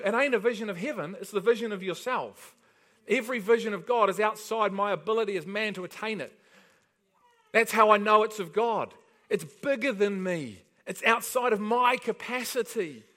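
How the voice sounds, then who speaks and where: A man's voice: high voice, normal speed, a bit bright. A man pastor delivering an emphatic sermon, often asking the congregation rhetorical questions.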